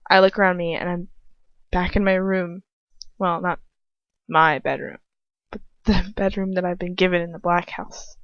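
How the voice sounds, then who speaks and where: A woman's voice: fairly low pitch, flat delivery, moderate pace, pauses often, dry recording. A woman reading a story aloud in the first person, dramatic and breathless at the tense moments. She breaks off now and then to comment in a casual aside. Her voice sounds dry and a little muffled, like a simple home recording. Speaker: fanfiction reader.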